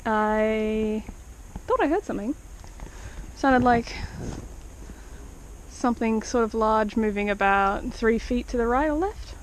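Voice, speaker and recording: A woman vlogging about cryptids picks her way through a rainy, overgrown cemetery, her slightly high voice slow and punctuated by many pauses. She's out of breath yet chatty and exclamatory, speaking directly to viewers. Faint hiss or hum marks the low-quality recording.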